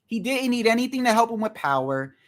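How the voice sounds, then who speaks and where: A man's voice: very high voice, big pitch swings, fairly quick, fairly bright tone, no room sound. A man giving a heated, profane boxing commentary rant, repeating his points for emphasis. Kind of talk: ranting vlog commentary.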